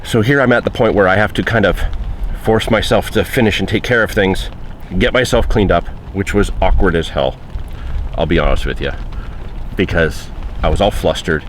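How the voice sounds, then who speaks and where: A man with a very low voice tells a fishing story in a loose, conversational way, leaning on fillers as he goes. Faint outdoor noise sits behind him. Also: normal speed. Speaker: angler recounting a trip. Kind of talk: casual spoken anecdote.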